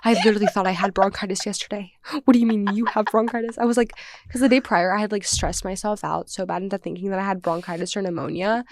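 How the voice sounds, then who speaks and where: A woman's voice: medium pitch, fairly even intonation, fast. A young woman co-hosting a casual podcast chat, telling stories animatedly with many fillers and casual swearing. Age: young adult. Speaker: podcast co-host.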